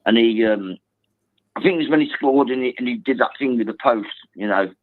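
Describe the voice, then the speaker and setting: A man calling a football phone-in, telling a story excitedly and swearing now and then. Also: medium pitch, fairly quick, dry recording. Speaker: caller. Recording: tinny phone line.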